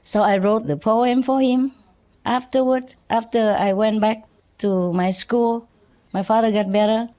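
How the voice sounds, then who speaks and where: Speaking in a slightly high voice with fairly even intonation, this woman from Vietnam, a spiritual teacher, shares personal stories with listeners. Her delivery is halting, with frequent restarts and gentle laughs.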